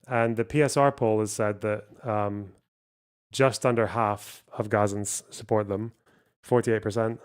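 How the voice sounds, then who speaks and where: A man's voice: lowish voice, steady tone, a little slow, clear, resonant tone. A man hosting a live stream, chatting casually and swearing freely. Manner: laid-back, swears casually. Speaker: streamer host. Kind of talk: casual chat.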